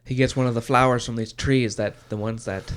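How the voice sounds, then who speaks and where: A man co-hosting a casual book discussion podcast, calmly adding details to the plot. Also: medium pitch, brisk. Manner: relaxed, adds details and agrees often. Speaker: podcast co-host.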